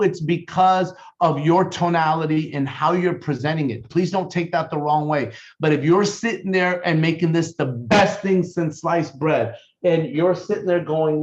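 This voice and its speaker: A team leader, a man with a fairly high voice, gives his team a fired-up, emphatic sales pep talk. His delivery is intense, and the recording sounds muffled.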